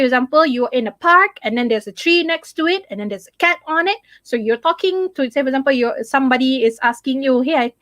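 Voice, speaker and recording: A woman's voice: high voice, a bit bright, no echo, clean studio sound. A young Malaysian woman, a tutor in a live online English lesson, switching into Malay with many fillers.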